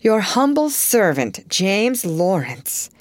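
A woman's voice: mid-range voice, sing-song, takes it slowly, no echo. A woman voicing an affected little girl who savors her words, in a storybook reading. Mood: impressed.

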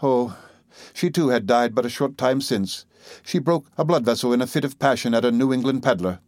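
A man voicing a young mother who speaks softly and sadly. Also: mid-range voice, expressive, a little fast, no room sound, studio quality, lightly acted. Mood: sorrowful. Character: young mother, sad and gentle.

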